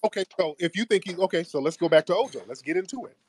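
A man's voice: high-pitched, lively intonation, racing, darkish tone, husky, no room sound. A man hosting a heated debate, pressing his points insistently. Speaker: host.

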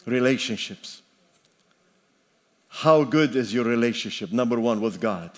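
Older man preaching in a reverberant church. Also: on the low side. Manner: emphatic, repetitive preaching with joking asides. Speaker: pastor. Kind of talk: sermon. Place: church sanctuary. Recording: long reverb of a church hall.

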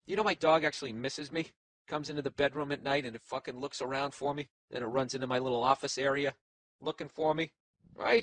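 A man's voice: medium pitch, fast, fairly bright tone, dry recording. A middle-aged man with a Boston accent, rambling through a profane, sarcastic comic monologue as a podcast host. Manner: profane, sarcastic, talks to his dog.

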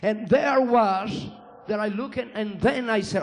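A man with a fairly high voice gives a spoken testimony to an audience. He talks in halting English, learned as an adult, and circles back to repeat his phrases with earnest weight. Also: lively intonation, slight background noise. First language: Spanish. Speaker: former priest giving testimony.

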